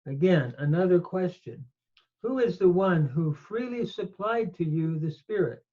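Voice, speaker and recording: A man's voice: high-pitched, lively intonation, dull audio. A man teaching a Greek grammar lesson on scripture, explaining verb forms step by step with fillers. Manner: slow, methodical explanation with fillers. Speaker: Bible teacher.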